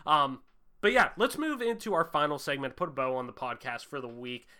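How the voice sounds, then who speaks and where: A man's voice: on the high side, very animated, a little fast, pushed and bright. A young man hosting a casual gaming podcast, talking loosely and animatedly, swearing freely with lots of fillers. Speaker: podcast host.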